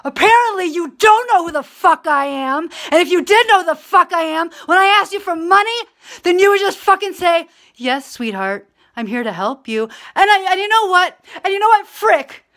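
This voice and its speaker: A woman's voice: a little high, sing-song, unhurried, a bit bright. A woman voicing a furious, entitled woman who screams and swears while demanding money, near tears. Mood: screaming rage.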